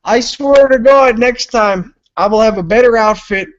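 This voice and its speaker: Intoxicated man, high-pitched voice, rambling and profane, lo-fi stream audio. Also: moderate pace. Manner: heavy swearing, loose and rambling. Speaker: live stream host. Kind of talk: rambling live-stream chat. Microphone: computer mic on a live stream.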